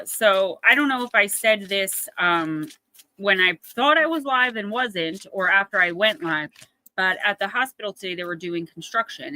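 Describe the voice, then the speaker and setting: Woman host, bright, dry close sound, chatty storyteller, acts out quotes. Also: mid-range voice, no room sound, poor audio. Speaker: oracle card reader and livestream host. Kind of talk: casual chat on a live stream.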